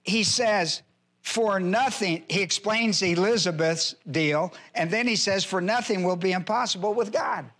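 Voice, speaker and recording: A male pastor delivering an expository sermon in a slow, deliberate way. His voice sits high for a man, and he circles back to repeat key phrases for emphasis. He often stops to spell out Greek words letter by letter. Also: a bit bright. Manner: addresses listeners directly, informal grammar. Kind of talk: expository Bible teaching.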